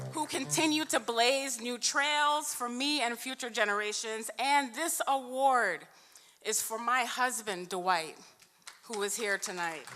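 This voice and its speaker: Woman, award acceptance speech, emphatic, heartfelt, forceful bright tone, long hall reverb. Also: on the high side. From New York, USA. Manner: emphatic and heartfelt, stretching key words. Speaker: award honoree and union vice president. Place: large event hall. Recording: echoey hall.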